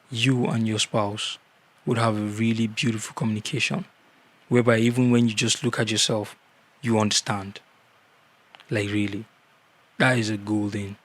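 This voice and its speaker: A man's voice: lowish voice, a bit bright. Earnest man giving advice. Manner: earnest, repeats key words for emphasis. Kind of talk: casual advice vlog.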